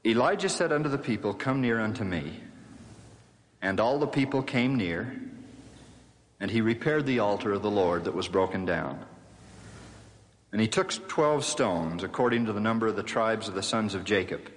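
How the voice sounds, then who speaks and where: A man's voice: on the low side, animated, normal speed. A man giving a sermon, reading scripture aloud and adding playful, wry commentary with chuckles. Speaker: speaker giving a scripture talk. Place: large hall or tabernacle. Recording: distant hall reverb, faint ambience.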